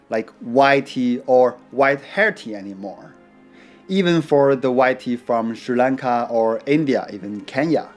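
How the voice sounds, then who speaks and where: A man giving a measured, unhurried explanation about tea, adding small playful asides. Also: medium pitch. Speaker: tea educator. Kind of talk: scripted educational narration.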